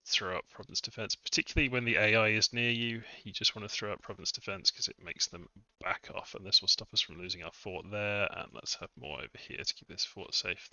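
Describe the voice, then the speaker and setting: A man's voice: on the low side, sharp tone, dry recording. A man casually commentating his own game-testing stream, chatty and self-mocking, with muttered asides. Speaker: game modder streaming a test session. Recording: dull, slightly lo-fi dry mic.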